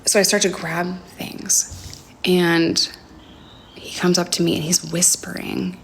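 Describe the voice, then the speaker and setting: A young woman recounts a story on a phone livestream from home, her words halting and full of fillers. Her voice sits low and carries a gravelly vocal fry. At times she drops almost to a whisper, over a faint hum in the background. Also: little pitch movement. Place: home, indoors.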